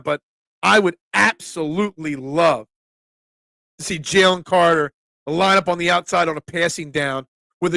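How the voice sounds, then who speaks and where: A Philadelphia man with a Philly accent hosts a casual sports talk stream, joking with viewers and saying "um" a lot. His voice is fairly high, creaky and sharp, with no echo.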